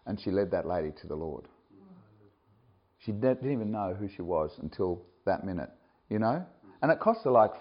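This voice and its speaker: Missionary preacher telling lively stories. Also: male voice, lowish voice, husky. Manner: animated storyteller, acts out quoted dialogue with laughs. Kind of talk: sermon with personal stories. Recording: dull lo-fi recording.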